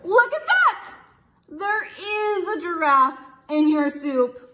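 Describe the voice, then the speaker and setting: A woman's voice: very high-pitched, very animated, slow, background noise, pitched above the performer's own voice, exaggerated voice. A woman voicing a polite, formal male waiter in a fine restaurant, speaking in a courteous, prim manner.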